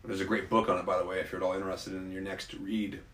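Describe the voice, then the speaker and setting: A man's voice: low voice, little pitch movement, quick pace, a bit bright. A man talking casually in a rambling, opinionated way, like a podcast host. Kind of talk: casual conversation. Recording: roomy echo.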